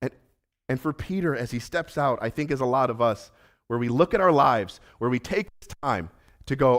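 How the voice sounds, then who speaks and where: In his sermon, a man speaks as Jesus and as Peter, alternating urgent, loud passages with soft, quiet ones. The pastor's voice is medium in pitch with lively intonation at a normal speed.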